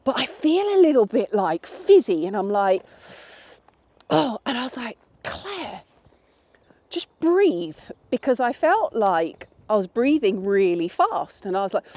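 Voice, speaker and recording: A woman's voice: mid-range voice, darkish tone, no echo. A woman vlogging in a candid, rambling way, with restarts, while out walking her dog. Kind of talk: casual chat. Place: outdoors on a path.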